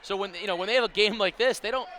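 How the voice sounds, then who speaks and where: Male color commentator, high voice, rambling emphatic analysis, gym noise clear behind. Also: very fast, pushed and bright. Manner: rambling, many restarts and fillers, emphatic analysis. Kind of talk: basketball commentary.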